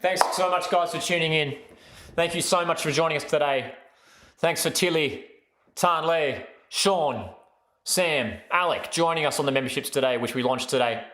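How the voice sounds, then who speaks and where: A young man hosting a live football watchalong, calling the play casually and breaking into excited high cheers. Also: moderate pace, slight background noise. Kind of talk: excited live match commentary to chat viewers. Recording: echoey room.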